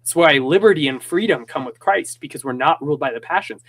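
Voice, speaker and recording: A man's voice: fairly high pitch, fast, a bit bright. A man hosting a casual conversation who tells stories with animation, rambles with restarts, and acts out the voices he quotes. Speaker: podcast host.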